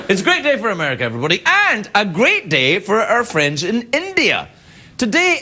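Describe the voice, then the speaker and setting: A man's voice: sits high, huge pitch swings, moderate pace, heavy background noise. Comically sarcastic male talk show host. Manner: sarcastic, playful joking asides. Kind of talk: comic monologue. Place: television studio with live audience. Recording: studio audience laughter and music.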